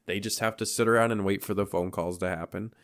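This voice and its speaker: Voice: low voice, steady tone, quick pace, fairly bright tone, no echo, studio quality. A podcast co-host recapping a film in casual chat, laughing often and swearing while chiming in.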